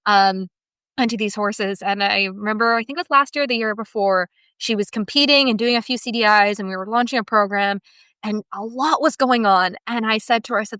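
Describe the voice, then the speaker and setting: A woman speaks on a podcast with a smooth, resonant voice. She tells heartfelt, rambling stories, restarting her sentences as she goes. The recording is close and dry. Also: mid-range voice, brisk, pushed and bright, no room sound. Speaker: guest, team member of a dressage education business. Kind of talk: casual podcast interview storytelling.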